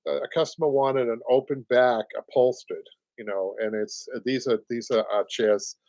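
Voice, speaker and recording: A man's voice: mid-range voice, fairly even intonation, normal speed, darkish tone, dry recording. A man in his sixties with a Boston accent, hosting a live upholstery show in a rambling, chatty way. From Boston area, USA. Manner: chatty, rambling, repeats words, laughs often. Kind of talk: casual livestream chat.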